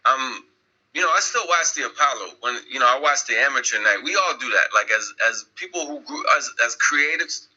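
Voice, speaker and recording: A man guesting on a podcast, telling a story in a rambling, animated way with many restarts. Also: medium pitch, fairly quick, breathy edge, highs cut off. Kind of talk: casual podcast chat.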